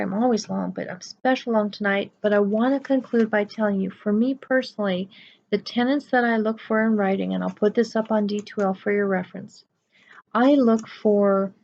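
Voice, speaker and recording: A woman's voice: medium pitch, vocal fry, a little mellow, lo-fi sound, a little hiss or hum. A woman giving a chatty, emphatic lecture as a college writing instructor, with playful asides. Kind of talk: recorded lecture.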